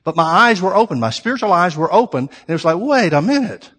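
A man's voice: sits high, animated, quick pace. Emphatic male preacher in a reverberant hall. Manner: emphatic, repeating key phrases, building to loud peaks. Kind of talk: sermon.

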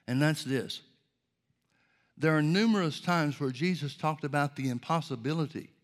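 A man preaching a sermon, teaching in an earnest, measured way and asking rhetorical questions. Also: medium pitch.

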